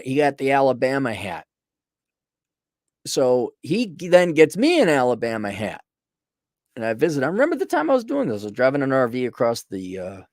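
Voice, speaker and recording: A man's voice: mid-range voice, no echo, clean studio sound. A middle-aged man telling a rambling, self-mocking story in a casual monologue, full of sarcastic asides. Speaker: podcast host.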